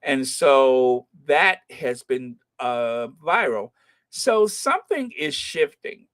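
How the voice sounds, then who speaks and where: A man's voice: medium pitch, very animated, takes it slowly, fairly bright tone. A middle-aged American man hosting a royal news channel, chatting in a rambling, joking way with many fillers. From United States. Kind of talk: casual commentary.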